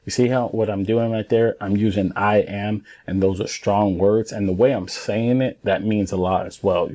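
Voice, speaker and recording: A man's voice: fairly low pitch, steady tone, normal speed, warm tone. A man in his thirties, a former pro ballplayer, giving casual instructional talk to parents and kids in an earnest, emphatic way, repeating points for stress.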